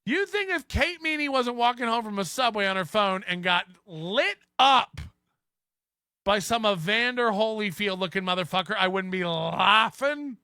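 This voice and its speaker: Male podcast host, high bright voice, sarcastic ranting commentary, laughs at himself. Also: expressive, normal speed, clean tone, dry recording, studio quality. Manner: mocking, sarcastic, laughs at own remarks.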